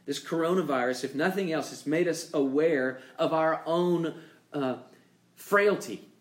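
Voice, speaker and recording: Slow, emphatic preaching man in echoey room. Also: on the high side. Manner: emphatic preaching with dramatic pauses and rising questions. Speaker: pastor. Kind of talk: sermon.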